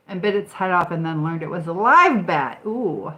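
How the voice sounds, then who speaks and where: A woman's voice: fairly low pitch, sing-song, normal speed, hardly any pauses, pushed and bright, low-quality recording. An older woman from Michigan hosting a casual livestream, chatting and answering viewer comments with frequent ums. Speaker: livestream host. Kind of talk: casual live chat reading comments.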